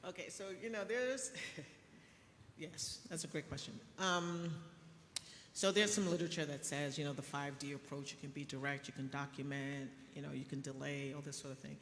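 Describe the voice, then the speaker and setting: A woman's voice: low voice, moderate pace, a little hiss or hum. Woman storytelling at a conference, echoey hall. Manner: animated storytelling with laughs. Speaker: emergency physician panelist. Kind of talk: conference panel talk. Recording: echoey hall with faint ambience.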